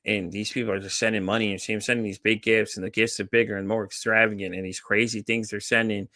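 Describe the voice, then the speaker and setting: Bright-voiced man telling animated stories. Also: lowish voice, fast talker, no room sound, clean studio sound. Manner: animated storytelling, acts out quoted voices, swears freely. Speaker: podcast host. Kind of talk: casual podcast chat.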